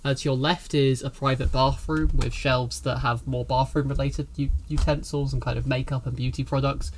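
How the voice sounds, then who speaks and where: A man runs a tabletop game, describing rooms in a middle-pitched voice full of ums and restarts. Faint background noise sits behind him. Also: little pitch movement, normal speed. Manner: hesitant, lots of restarts; laughs often. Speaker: game master.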